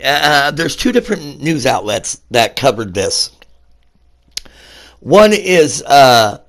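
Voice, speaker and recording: A man with a sick, rough voice doing casual vlog commentary, mock-serious and stumbling over names with lots of fillers. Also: medium pitch, a bit bright. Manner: mock-serious, breaks into disbelief. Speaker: YouTuber.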